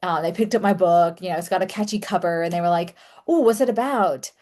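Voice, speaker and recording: A young woman talking casually to her audience, chatty and relaxed, with many fillers and small laughs. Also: on the low side, fast talker. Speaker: author and content creator. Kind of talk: casual solo talk to camera.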